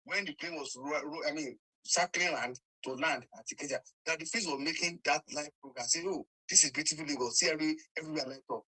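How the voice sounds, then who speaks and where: Bright, fast-talking man. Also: fairly high pitch, breathy edge, low-quality recording. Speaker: interviewee.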